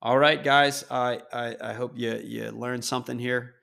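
Gravelly man hosting a rambling podcast. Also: medium pitch, fairly even intonation, moderate pace, fairly bright tone. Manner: rambling, with many restarts and repeated words. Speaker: podcast host. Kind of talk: casual solo podcast talk.

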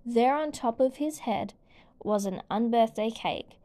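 Woman storybook narrator; unhurried, clear, slightly high-pitched read-aloud. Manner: slow, gentle, clear reading.

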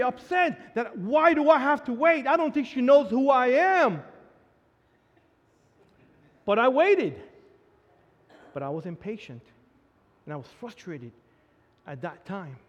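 A man's voice: extremely high pitch, in a large hall, highs cut off. A man preaching a sermon, telling a story and building to emphatic peaks. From Latino background. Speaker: pastor. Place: church sanctuary.

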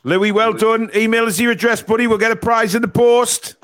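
A man's voice: extremely high pitch, fairly even intonation, fairly quick, a bit bright, slight background noise. A man hosting a casual quiz on a live stream, swearing and teasing the callers as he reads the questions. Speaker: quiz host.

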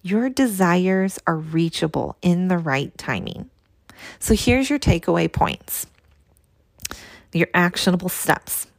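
A woman's voice: on the low side, lively intonation, takes it slowly, vocal fry, dry recording. A woman hosting a solo podcast, coaching listeners in an earnest, direct way and repeating points for emphasis. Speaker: podcast host and spiritual coach. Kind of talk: motivational solo podcast talk.

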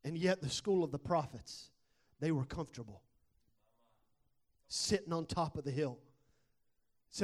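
A man with a high-pitched voice preaching at a rally. He tells his story conversationally, then rises into loud, shouted exhortation. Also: unhurried, pauses often. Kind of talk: sermon.

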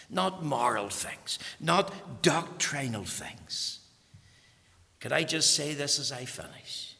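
A man preaching a sermon, dropping to hushed whispers and then rising to loud, fervent emphasis. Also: mid-range voice. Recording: long reverb of a large hall.

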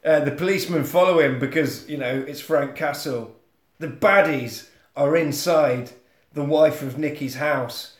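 A man's voice: on the high side, measured pace. A man co-hosting a podcast, recapping a film in casual chat and swearing freely. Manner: swears freely, blunt storytelling. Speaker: podcast co-host. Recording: roomy echo.

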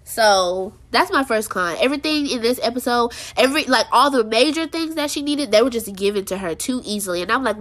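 Chatty woman with a higher voice. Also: expressive, moderate pace, few pauses, bright, forceful tone. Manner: chatty, filler-heavy, emphatic repetition. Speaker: show host reviewing TV episodes. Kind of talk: casual review monologue.

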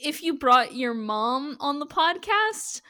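Sarcastic high-voiced woman podcaster. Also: very animated, bright, forceful tone. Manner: swears freely, quick bursts of sarcasm. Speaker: podcast co-host. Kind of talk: casual chat.

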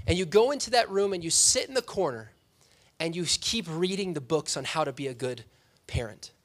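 Chatty young man preaching, fairly high voice. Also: fairly bright tone. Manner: chatty, self-deprecating, frequent "right?" asides. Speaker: pastor. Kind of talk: casual conversational sermon. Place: church sanctuary.

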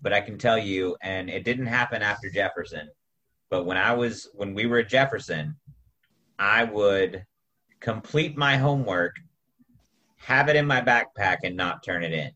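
Thirties co-host, a man with a bright, conversational voice who tells stories thoughtfully. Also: lowish voice, moderate pace, poor audio. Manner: laughing, reflective storyteller. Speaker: podcast co-host. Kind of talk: casual chat.

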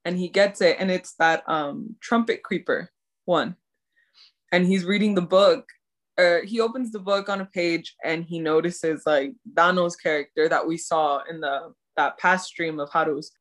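A young woman retelling a drama episode scene by scene in casual chat, animated and full of "like". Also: fairly low pitch. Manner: animated storytelling, many "like"s. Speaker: co-host recapping a drama.

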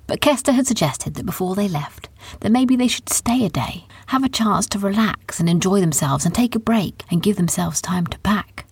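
Soft storyteller woman. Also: mid-range voice, moderate pace, husky. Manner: calm, soft, descriptive. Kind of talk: bedtime storytelling.

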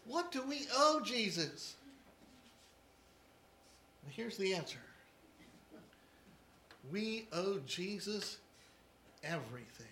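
A man's voice: high voice, sing-song, slow pace, pauses often, pushed and bright, a little hiss or hum. A man preaching a sermon as pastor, emphatic and fond of repeating key phrases. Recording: echoey room.

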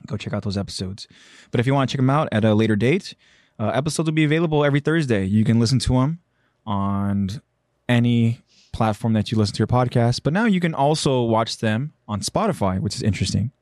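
A man's voice: medium pitch, animated, quick pace, a little mellow, no echo, clean studio sound. A young man hosting a livestreamed podcast, winding down with loose, easygoing plugs full of fillers. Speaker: podcast host. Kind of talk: casual livestream podcast chat.

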